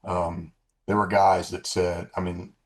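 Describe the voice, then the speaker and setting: A man's voice: deep voice, measured pace. A man in his sixties, a former military pilot, telling stories casually in an interview, with many restarts and blunt, profane language. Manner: relaxed anecdotes with frequent restarts and profanity. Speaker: former fighter-bomber pilot, guest.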